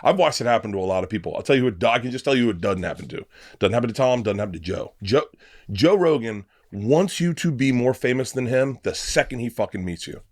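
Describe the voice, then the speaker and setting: A man's voice: mid-range voice, lively intonation, fast talker, no echo, clean studio sound. A man as a podcast guest, telling stories in a brash, emotional way with swearing, played as a clip. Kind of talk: casual storytelling in an interview.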